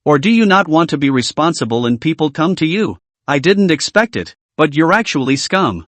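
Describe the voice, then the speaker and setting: A man's voice: a little high, very animated, moderate pace, a bit bright, dry recording. A man voicing a teasing, gossipy young male senior disciple in a fantasy recap, with a smug, needling manner.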